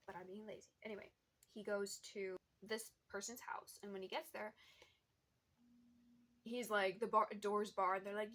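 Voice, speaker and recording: A woman's voice: medium pitch, fairly even intonation, normal speed, fairly bright tone. A young woman chatting casually about what she's reading, rambling along with lots of fillers and small laughs. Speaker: book vlogger. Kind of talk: casual book chat.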